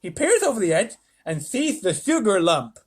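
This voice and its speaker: A man's voice: sits high, big pitch swings, moderate pace, breathy edge, voice pushed up, heavily acted. A man playing a boastful, gleeful president. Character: boastful self-satisfied male president.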